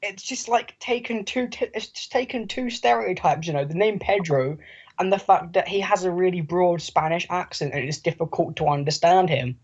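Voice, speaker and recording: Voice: medium pitch, normal speed, breathy edge. A podcast co-host in casual chat, rambling and joking and slipping into quoted voices. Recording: muffled lo-fi recording.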